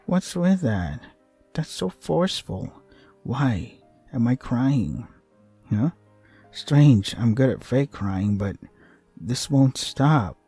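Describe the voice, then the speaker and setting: A man's voice: fairly low pitch, normal speed, mellow, faint music behind, lightly acted. A man voicing a clingy, tearful young girl from a visual novel in a raised, sing-song voice while reading a game aloud.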